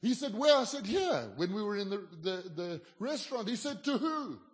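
A man from South Africa with a fairly high voice delivers a sermon. He tells a story with self-deprecating humor and acts out each voice in the dialogue. The sound carries a long hall reverb. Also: very animated, moderate pace. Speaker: pastor.

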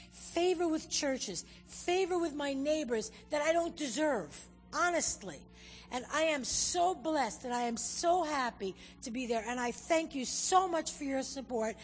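Lively American woman in an echoing hall. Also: a little high. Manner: animated, joking, addresses the audience directly. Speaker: missionary speaking at a church. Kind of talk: humorous church talk with a language lesson. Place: church hall. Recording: reverberant hall with faint music.

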